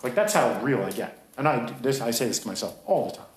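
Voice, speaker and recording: A man's voice: mid-range voice, expressive, a little fast, hardly any pauses, very echoey, rough recording. A middle-aged man hosting a podcast, giving a blunt, profane, rambling pep talk. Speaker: podcast host. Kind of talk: motivational podcast monologue.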